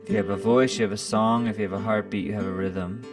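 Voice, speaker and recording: Male guest, lowish voice, unhurried and earnest, reflective conversation style. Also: far from the mic, faint music behind. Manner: calm, earnest, meditative. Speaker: podcast guest.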